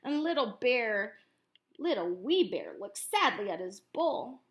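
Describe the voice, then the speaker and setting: Animated woman reading a picture book aloud. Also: on the high side, takes it slowly, lo-fi sound. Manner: animated, chatty asides to children. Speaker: teacher reading to children.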